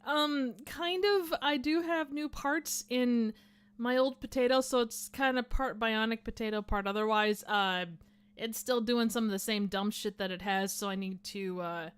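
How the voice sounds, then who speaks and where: A woman with a Midwestern American accent chats away on a livestream, reading out viewer messages. Her voice sits a bit high and comes through smooth and clear, and she giggles a lot. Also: unhurried, no room sound. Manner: giggly, laughs often, chatty. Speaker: livestream host reading chat. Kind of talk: casual chat.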